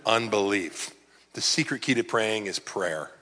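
Earnest preacher in a reverberant hall. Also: male voice, fairly low pitch, a little slow. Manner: conversational, earnest, animated. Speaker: pastor. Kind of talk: sermon.

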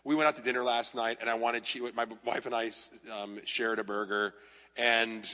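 A male pastor delivers a storytelling sermon, bright and forceful in tone. He shifts between lively anecdotes and gentle self-mockery. His voice carries a long reverb, as if heard in a large hall. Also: mid-range voice, moderate pace.

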